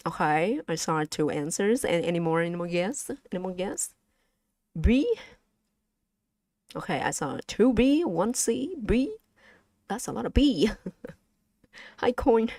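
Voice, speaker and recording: A low-voiced woman, to the language, running a live-stream pronunciation lesson. She speaks slowly and haltingly, repeating words and giggling, and the sound is close and dry. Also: expressive, darkish tone, no room sound. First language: Vietnamese. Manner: hesitant, restarts words, giggles often.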